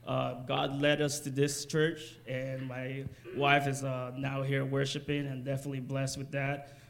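A man in a church congregation giving a halting testimony with many pauses. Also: medium pitch, monotone, creaky, a little hiss or hum. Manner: halting, full of pauses and fillers. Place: church sanctuary.

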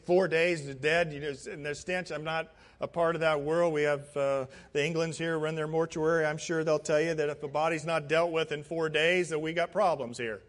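A male pastor with a notably high voice preaches a sermon in a church. His delivery is dramatic, dropping to near-whispers and then rising to loud cries. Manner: dramatic, swings from hushed to shouting. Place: church sanctuary.

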